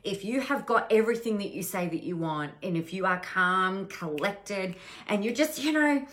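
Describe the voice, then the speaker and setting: A woman's voice: medium pitch, expressive, normal speed, a bit bright. A woman business coach talking casually on a live stream, frank and swearing freely, with many restarts.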